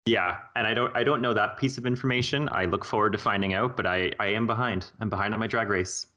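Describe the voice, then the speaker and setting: A man's voice: fairly low pitch, quick pace, sharp tone. A man in his thirties co-hosting a podcast in a casual, campy, teasing way. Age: 30s. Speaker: podcast co-host. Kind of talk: casual chat.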